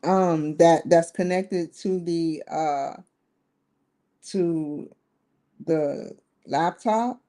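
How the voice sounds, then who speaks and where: A woman on a phone call with tech support, talking hesitantly and spelling things out slowly. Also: lowish voice, dark tone.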